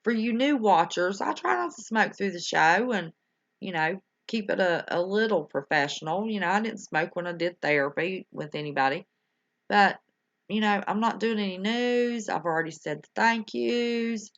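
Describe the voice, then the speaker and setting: On dull, lo-fi home stream audio, an older woman hosting a livestream chats casually with her viewers, warmly calling them honey and y'all in a folksy manner. Her voice sits at medium pitch, expressive and at a normal speed.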